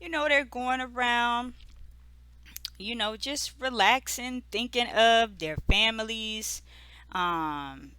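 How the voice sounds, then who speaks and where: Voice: medium pitch, takes it slowly, pushed and bright, clear, resonant tone, dry recording. A host giving a casual, gossipy episode recap, full of "like" and "you know". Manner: chatty, filler-heavy storytelling with lots of "like" and "you know"; amused, gossipy asides.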